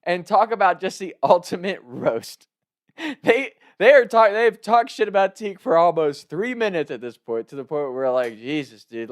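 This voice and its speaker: A young man spins a wild story in a loose, casual way, his voice sitting a little on the high side. He laughs often and breaks into loud shouts whenever he acts out what someone said. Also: a little slow. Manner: animated, laughing, shouts quoted lines.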